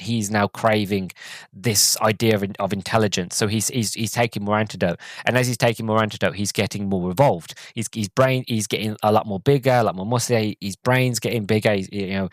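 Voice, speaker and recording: A man's voice: lowish voice, no room sound. A man hosting a podcast, giving an enthusiastic casual movie review full of restarts and fillers. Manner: rambling, many restarts and fillers. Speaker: podcast host.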